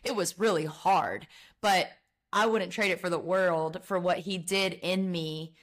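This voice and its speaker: A woman's voice: on the low side, steady tone, a little slow. Earnest young woman sharing her faith. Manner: earnest, heartfelt, many fillers. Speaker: podcast guest, author. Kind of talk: casual faith chat.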